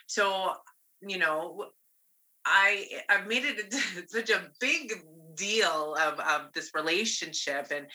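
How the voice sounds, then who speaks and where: Woman guest, super bright voice, telling her story real candid, lots of "right?". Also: lowish voice, lively intonation, measured pace, poor audio. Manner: candid, earnest, often ends with "right?". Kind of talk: personal storytelling.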